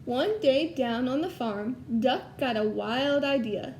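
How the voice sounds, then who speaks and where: Slow, high-voiced first grade teacher. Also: female voice, animated, darkish tone, roomy sound, a little hiss or hum. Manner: patient, explaining to young children. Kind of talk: recorded lesson with storybook read-aloud.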